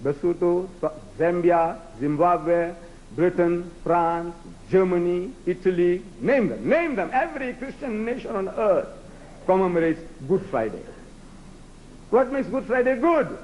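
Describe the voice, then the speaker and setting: A man's voice: high-pitched, expressive, moderate pace, darkish tone, highs cut off, slight background noise. A man from South Africa whose first language is Gujarati, giving a rhetorical, challenging public lecture to a live audience. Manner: rhetorical, challenging, acts out debates with mock voices.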